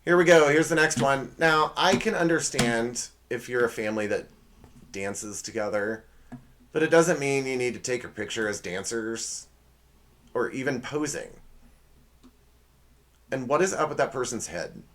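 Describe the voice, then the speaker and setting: A man hosting a comedy podcast, talking through a casual monologue with sarcastic, rambling asides and quick self-corrections. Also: medium pitch, expressive, fairly bright tone. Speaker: podcast host.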